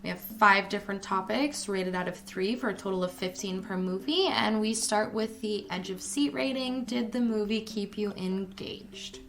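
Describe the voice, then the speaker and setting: A woman's voice: medium pitch, moderate pace, few pauses, a little hiss or hum. A woman co-hosting a casual movie review podcast, rambling through her thoughts, swearing freely and putting on playful mock anger. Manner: rambling, restarts sentences. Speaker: podcast co-host.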